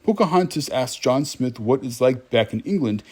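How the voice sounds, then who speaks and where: A man's voice: medium pitch, animated, moderate pace, darkish tone, breathy edge. A man giving a casual, wry movie recap, chatting directly to his viewers.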